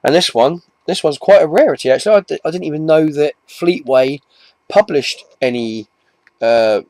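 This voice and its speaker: A man's voice: a little high, moderate pace, darkish tone, dry recording. Chatty English man rambling to camera. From England. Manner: rambling, chatty, restarts often, self-mocking asides. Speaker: comic collector vlogger. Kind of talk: casual chat to camera.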